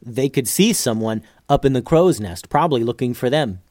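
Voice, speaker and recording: A man narrating an adventure storybook in a steady, measured way. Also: mid-range voice, dry recording, clean studio sound.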